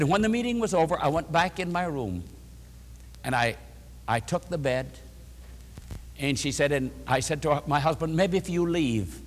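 A man preaching a sermon, earnestly retelling a woman's letter and then guiding listeners to take notes. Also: on the high side. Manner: earnest storytelling, retelling a letter with rising emotion. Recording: long hall reverb.

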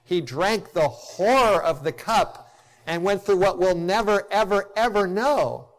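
A middle-aged man delivers a sermon in a slightly high voice. He builds to emphatic, impassioned peaks and then falls soft and quiet. When he tells stories, he acts out the quotes. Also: animated, measured pace. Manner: storytelling with acted quotes. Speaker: preacher.

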